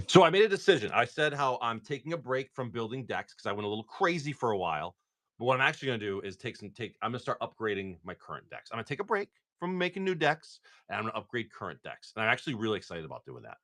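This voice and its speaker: A man talks loosely to his livestream chat as he opens card packs, often swearing and rattling off card names. His voice is bright and moves around a lot in pitch. The sound is dry and close, with no room echo. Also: very animated, quick pace. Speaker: livestream card-pack opener.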